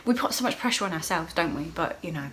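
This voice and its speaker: Mum chatting in her vlog, lowish voice, open and emotional, bit of faint hiss behind. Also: lively intonation, quick pace, fairly bright tone. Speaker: vlogger. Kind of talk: casual video diary chat.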